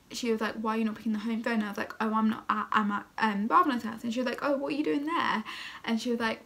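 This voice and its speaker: A young woman tells a rambling story-time vlog to her viewers. Her voice sits a touch high, and she keeps reaching for "like" and "oh my God". She is worn out and still recovering, so it all comes across casual. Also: a bit bright. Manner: chatty, many fillers like "like" and "oh my God". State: tired, recovering from illness. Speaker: vlogger.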